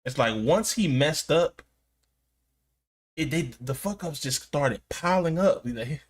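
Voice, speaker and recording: A man's voice: a little high, animated, unhurried. Laid-back joking male streamer. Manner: loose, joking, laughs often. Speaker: live streamer. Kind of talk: casual chat with live viewers. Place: at home in a gaming chair.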